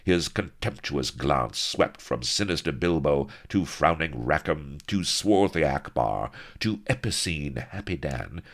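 A man with an extremely deep voice reads a story aloud with wry, droll timing. His narration is steady and dryly amused. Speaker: audiobook narrator.

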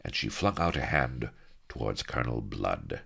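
Male audiobook narrator, very low and gravelly, wry mock-heroic delivery with lively inflection. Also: moderate pace.

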